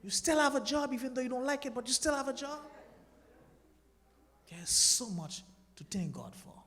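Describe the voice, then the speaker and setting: A man gives a testimony from the pulpit, his voice sitting high and swinging widely as he exhorts the congregation. The sound carries a long reverb from the church hall. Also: normal speed. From Bahamas. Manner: animated, preachy exhortation to the congregation. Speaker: guest speaker giving a testimony. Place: church sanctuary.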